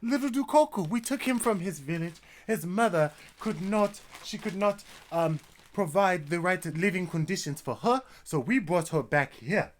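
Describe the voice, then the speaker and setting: A man voicing a gushing rich woman back from a trip, in a high, sing-song, mocking voice. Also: expressive, moderate pace.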